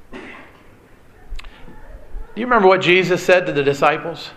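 Bright high-voiced man preaching earnestly. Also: animated, a little slow, pauses often. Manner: earnest preaching, emphatic, addresses listeners as beloved. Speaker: pastor. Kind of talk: sermon.

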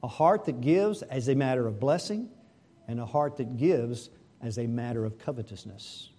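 A man preaching a sermon, animated and asking the congregation rhetorical questions. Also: mid-range voice, moderate pace. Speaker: pastor.

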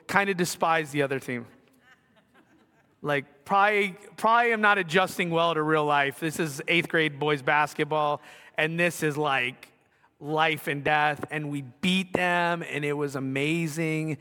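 Middle-aged male pastor, high and bright, chatty with self-deprecating asides, recorded in a reverberant gym. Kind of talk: sermon. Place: school gymnasium. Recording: long reverb of a gymnasium.

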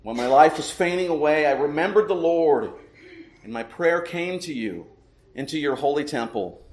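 Solemn preacher in an echoey church. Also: male voice, fairly high pitch, animated. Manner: solemn, measured, slows for emphasis. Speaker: pastor. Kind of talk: sermon with prayer and scripture reading.

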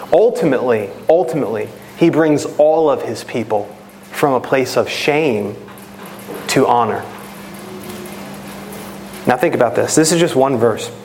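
A man's voice: mid-range voice, unhurried, pauses often, darkish tone, a little hiss or hum. A man preaching a sermon in an earnest, teaching manner, a parent of children. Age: adult with children. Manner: earnest, rises to impassioned prayer voice.

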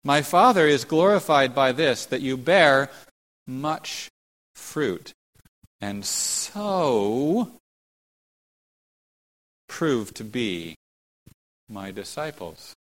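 A male pastor works through a sermon with earnest conviction, pressing his points with rhetorical questions and quick self-corrections. His voice sits at an ordinary middle pitch and rings with a long hall reverb, as in a church sanctuary. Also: big pitch swings, a bit bright. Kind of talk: expository sermon.

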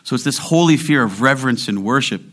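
A man preaching an expository sermon, driving home key words with emphatic rises and reading scripture slowly and deliberately. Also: medium pitch, expressive, fairly bright tone. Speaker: pastor.

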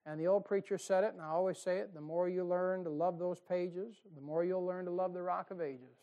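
A man's voice: sits high, steady tone, a little fast, lo-fi sound. Fiery preacher man. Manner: folksy, emphatic preaching with rising outbursts. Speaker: pastor. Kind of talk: fiery sermon. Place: church sanctuary.

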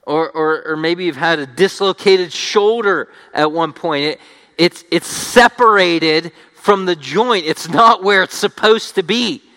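Male pastor, sermon delivery, emphatic repetition; sharp, bright tone with long hall reverb. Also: sits high, measured pace. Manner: emphatic, restating each point in repeated phrases. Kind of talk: expository sermon.

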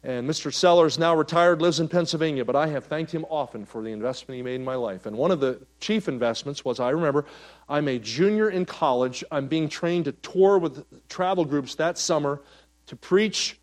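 A male pastor preaching a sermon, telling stories and swinging between loud, animated passages and soft, quiet ones. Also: a little high, normal speed.

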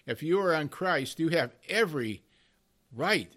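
Addressing his audience as beloved, this male Bible teacher delivers an emphatic lesson full of rhetorical questions, with intensity that swells and ebbs. His pitch is fairly high, and his unhurried, expressive delivery sounds pushed and bright.

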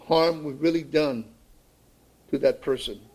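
Male pastor, slightly high voice, preaching a sermon, repeats himself for emphasis. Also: unhurried, darkish tone, rough recording. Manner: repeats "okay?" to check in with listeners; repeats words while building a point.

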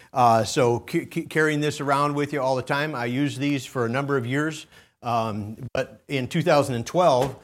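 Male preacher, mid-pitched, casual sermon delivery, lots of "uh"s and restarts. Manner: conversational, frequent fillers and restarts.

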